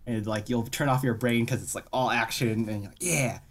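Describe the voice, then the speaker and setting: A young man co-hosting a podcast in casual chat, ranting in an animated, profane way with loud exasperated outbursts. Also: mid-range voice, fairly quick. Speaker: podcast co-host.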